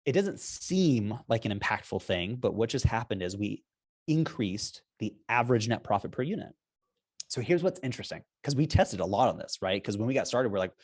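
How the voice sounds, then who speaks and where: A man's voice: on the low side, big pitch swings, brisk, darkish tone, breathy edge. A man being interviewed as a guest, explaining business strategy in an upbeat, persuasive way and chuckling often. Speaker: guest, repricing software founder.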